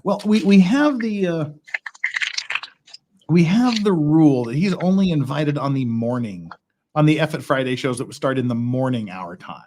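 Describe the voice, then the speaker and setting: A man's voice: a little high, expressive, normal speed, a little mellow, slight background noise. A man hosting a casual livestream, rambling and chuckling as he builds Lego and counts pieces aloud. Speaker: stream host.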